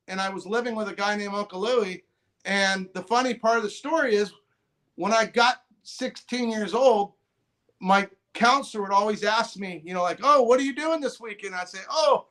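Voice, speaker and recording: A middle-aged man telling a long story as a podcast guest, rambling with restarts and acting out other people's lines. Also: high-pitched. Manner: rambling, restarts, quotes others in lively voices. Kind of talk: casual storytelling.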